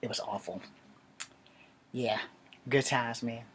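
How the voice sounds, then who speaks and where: A young man telling a funny personal story in casual, swearing storytime style, jumping from low mutters and whispers to loud outbursts. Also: slow pace, very noisy. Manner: sometimes drops to a whisper. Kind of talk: casual profane storytime monologue.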